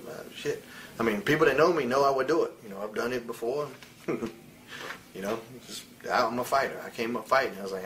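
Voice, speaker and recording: A man's voice: mid-range voice, fairly quick, a bit bright, a little hiss or hum. Blunt, profane man telling heated stories. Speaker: retired pro wrestler as interview guest. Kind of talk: candid shoot interview.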